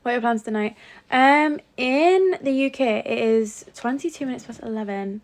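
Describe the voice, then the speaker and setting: Young girl on a phone live, giggly, answering comments, bit high voice. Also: normal speed. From England. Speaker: livestream host. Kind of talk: casual live-stream chat reading comments.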